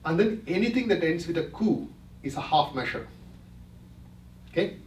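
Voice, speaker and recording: Guy explaining things at a retreat, kinda high voice, faint room noise behind. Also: animated, normal speed. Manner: conversational, checks in with listeners often. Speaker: presenter. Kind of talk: explanatory talk to a retreat audience. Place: retreat hall. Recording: roomy hall, mic from a distance.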